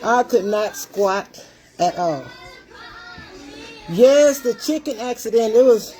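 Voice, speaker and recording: A woman's voice: fairly high pitch, animated, slow pace, warm tone, a little hiss or hum. An older woman hosting a casual livestream, out of breath and greeting her viewers by name. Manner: chatty, greets commenters by name. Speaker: livestream cooking show host.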